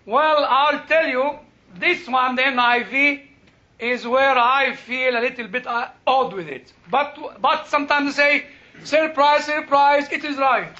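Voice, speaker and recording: Man, Bible teacher; very high, bright voice, slow delivery, dull lo-fi recording. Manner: slow, searching for English words. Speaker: Bible lecturer. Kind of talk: informal Bible talk. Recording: dull lo-fi sound.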